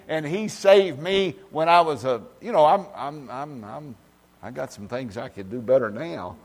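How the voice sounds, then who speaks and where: A man preaching an informal sermon, talking directly to people by name and swinging from loud emphasis to quiet asides. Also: a little high, a little slow, in a large hall. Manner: folksy, talks directly to congregation members by name. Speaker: pastor. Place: church.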